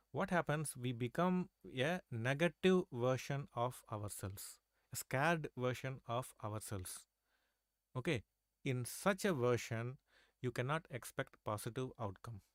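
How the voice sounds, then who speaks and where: A man's voice: mid-range voice, no room sound, clean studio sound. A man teaching a live chess lesson, coaxing his students with rhetorical questions and constant "right?" and "okay?" checks. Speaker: chess coach.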